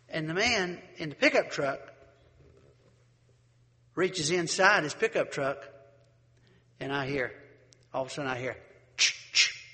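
Animated preacher man in a reverberant hall. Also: a little high. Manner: folksy, animated storyteller who acts out voices. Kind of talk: sermon with a storytelling anecdote.

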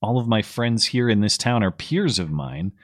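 A man's voice: lowish voice, expressive, normal speed. A man hosting a live call-in show, chatting casually and joking with callers. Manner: laid-back, joking with callers.

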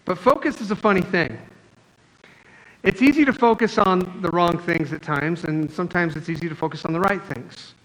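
A man's voice: sits high, moderate pace, fairly bright tone, poor audio. A man preaching a sermon as pastor, talking in a conversational, joking storytelling way. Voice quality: wears glasses, astigmatism.

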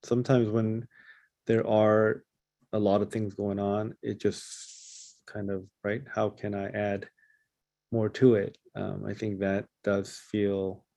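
A man leading a casual Bible study discussion, talking in a halting way with many fillers and restarts. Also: on the low side, level tone, creaky, dark tone, no room sound.

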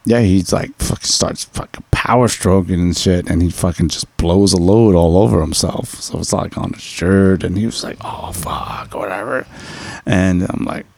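A man's voice: sits low, normal speed, gravelly, a little mellow, no echo. A man casually telling a story with loose, profane phrasing and lots of fillers.

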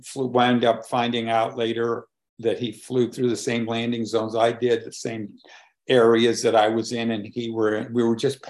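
A man in his seventies giving a reflective talk with personal stories, unhurried and thoughtful, often pausing to search for words. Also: mid-range voice, a little mellow. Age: 70s. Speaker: speaker on conversation and collaboration.

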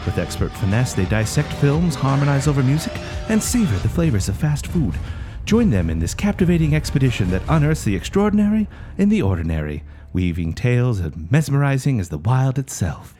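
A man putting on the voice of an older British nature documentary narrator, speaking slowly and grandly in a mock documentary intro. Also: mid-range voice, big pitch swings, faint music behind, lightly acted. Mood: reverent. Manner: slow, grand, hushed delivery.

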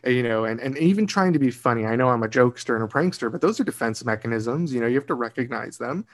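A man in his late thirties talks through his thoughts in a relaxed, rambling way, circling back and restarting sentences as he goes. His voice sits at an ordinary middle pitch. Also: fast. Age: 30s. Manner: reflective, rambling, frequent restarts and laughs. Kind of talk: casual conversation.

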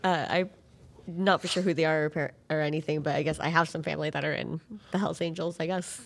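A woman's voice: sits low, steady tone, quick pace, creaky. A woman guesting on a podcast, talking casually in a hesitant, unsure way. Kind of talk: casual chat.

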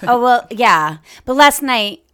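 A playful woman in her mid-forties chatting on a podcast with friends. Her pitch swings widely as she jokes and tells stories with lots of expression. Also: lively intonation, slow, fairly bright tone, clean tone. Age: 40s. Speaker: podcast co-host. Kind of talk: casual chat among friends.

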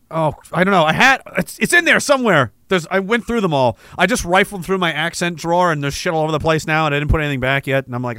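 A man's voice: a little high, animated, fairly quick, pushed and bright, dry recording, clean studio sound. Profane, rambling male stream host. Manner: profane, rambling, laughs often. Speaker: stream host reading viewer messages. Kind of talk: casual livestream chat.

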